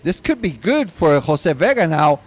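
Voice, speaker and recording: A man giving live race commentary, excitable and bursting out at big moves, also reading out long lists of drivers. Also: a little high, moderate pace.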